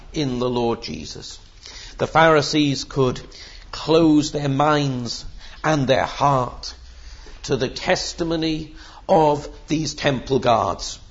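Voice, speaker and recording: A man preaching a sermon in an emphatic, rhetorical way, with the odd filler. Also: mid-range voice. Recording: dull lo-fi sermon recording.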